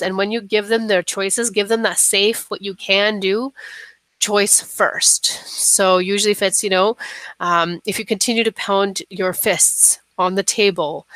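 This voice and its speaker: A woman delivers a recorded staff training lecture in a calm, instructive way, often pausing to ask "right?". Her pitch sits in an ordinary middle range, and the sound is dry and close with no room echo.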